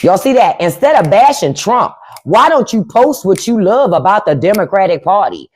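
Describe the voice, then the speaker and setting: A woman's voice: mid-range voice, big pitch swings, normal speed, darkish tone. A woman hosting a livestream from home, giving blunt, profane opinions and answering her chat. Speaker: podcast host on a livestream. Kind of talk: unfiltered political livestream rant.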